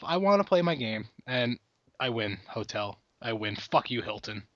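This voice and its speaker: A man's voice: medium pitch, brisk, a bit bright, no echo, dull audio. A man co-hosting a comedy podcast from a hotel room, rambling and swearing freely in casual chat. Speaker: podcast co-host. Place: hotel room, calling in remotely.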